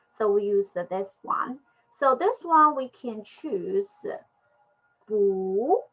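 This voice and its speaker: Slow, hesitant woman teaching a language lesson. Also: on the high side, a bit bright. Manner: hesitant, many fillers, patient explaining. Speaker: Chinese teacher. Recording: muffled lo-fi audio.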